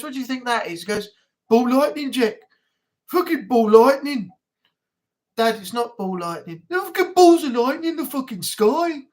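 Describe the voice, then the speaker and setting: A man's voice: high-pitched, a bit bright. Chatty British man on a live stream. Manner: chatty, rambling, playfully tries silly accents. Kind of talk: casual chat to viewers.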